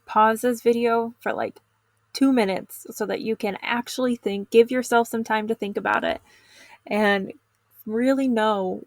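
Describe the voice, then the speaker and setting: A middle-aged woman coaching teens in an instructional video lesson, calm and encouraging, speaking straight to the viewer. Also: a little high, dry recording. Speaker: teen stress coach.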